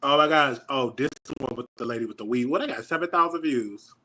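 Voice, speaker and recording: A show host talks a little fast in a mid-range voice that sounds pushed and bright. Self-mocking throughout his casual reaction chat, he's stammering and flustered.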